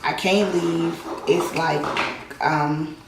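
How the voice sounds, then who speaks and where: A woman tells a personal story while getting ready at home, chatting and acting out what each person said. Her voice sits low and gravelly. The recording is echoey and noisy, caught on a mic a few feet away. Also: fairly even intonation, drawn-out words. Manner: conversational, re-enacts dialogue. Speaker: vlogger. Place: at home, in a room. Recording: echoey room, distant mic, background noise.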